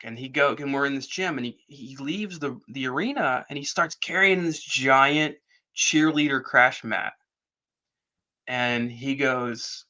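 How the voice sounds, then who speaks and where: A man's voice: mid-range voice, normal speed. A middle-aged man as a podcast guest, telling a long story with lots of acted-out dialogue. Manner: animated storyteller, acts out quoted dialogue. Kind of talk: casual storytelling interview.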